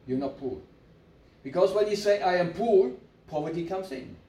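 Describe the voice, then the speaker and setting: Recorded from a distance in an echoey room, this preacher has a high, dark voice and an expressive delivery at a moderate pace. He hammers his points through repetition and draws the congregation into call-and-response.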